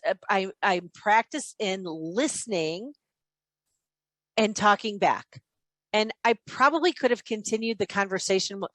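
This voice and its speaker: Over a video call, a woman runs a live online sales training in an energetic, chatty teaching style. Her voice is medium-pitched with no echo.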